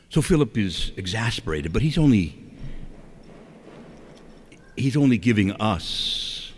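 A man preaching a conversational sermon in a church, asking rhetorical questions and talking straight to the congregation. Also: lowish voice. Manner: animated, asks rhetorical questions, acts out quotes. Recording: long reverb of a church.

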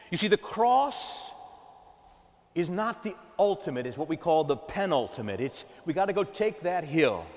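A man's voice: fairly high pitch, big-room sound. A man preaching a sermon to his congregation, emphatic with call-and-response.

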